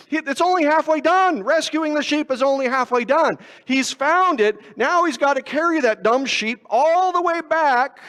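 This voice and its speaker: In a church sanctuary with long reverb, a pastor with a very high, slightly bright voice preaches. His sermon is conversational and self-mocking, peppered with rhetorical questions to the congregation.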